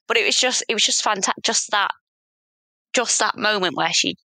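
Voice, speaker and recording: A woman's voice: medium pitch, normal speed, bright, forceful tone, no echo. A woman co-hosting a casual film chat, teasing her co-host and swearing casually. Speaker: podcast co-host.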